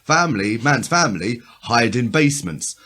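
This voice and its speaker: A male podcast co-host chatting casually, with a slightly husky voice. His pitch moves around a lot as he rambles, restarts his sentences and makes sarcastic asides. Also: expressive, normal speed, sharp tone. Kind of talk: casual chat.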